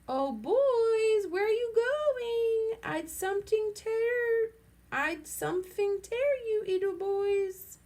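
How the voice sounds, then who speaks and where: A woman voicing a mischievous boy who speaks in a mock-fancy accent and later a shrill girlish squeal. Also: lively intonation, slow, darkish tone, heavily acted. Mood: shrill teasing. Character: mischievous boy playing mad after eating worm.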